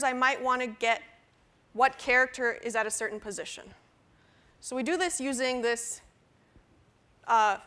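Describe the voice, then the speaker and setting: A woman's voice: high voice, pushed and bright. A woman lecturing a university class on programming, explaining step by step with fillers and restarts. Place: lecture hall.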